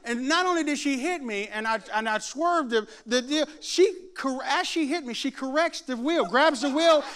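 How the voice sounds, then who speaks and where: A middle-aged man preaching a sermon, telling stories with humor and acting out the voices of others. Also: very high-pitched. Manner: animated, jokes and mimics voices. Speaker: pastor. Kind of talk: sermon with storytelling. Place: church before a laughing congregation.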